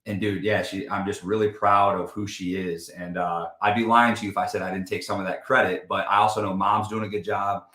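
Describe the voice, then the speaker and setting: A man's voice: sits low, little pitch movement, brisk, hardly any pauses, sharp tone, roomy sound. A man talking as a podcast guest in casual chat, emphatic and profane, often saying dude and man.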